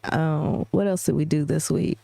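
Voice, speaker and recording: Middle-aged woman on a podcast, lowish voice, dry close sound, jumps way up high when she mimics people. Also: fairly even intonation, moderate pace, gravelly, mellow, dry recording. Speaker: podcast co-host. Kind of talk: casual storytelling chat.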